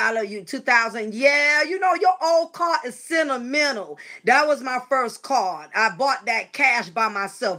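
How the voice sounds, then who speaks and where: A woman's voice: a little high, pushed and bright. A woman talking casually to her viewers in a chatty, emotional way, often calling them y'all. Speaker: vlogger. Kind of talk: casual talk to camera.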